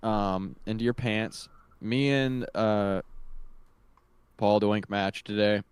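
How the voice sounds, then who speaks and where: Smooth low-voiced man, rambling and apologetic. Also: fairly even intonation, slow, no echo. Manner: rambling, apologetic, loses his thread. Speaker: podcast co-host. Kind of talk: casual chat.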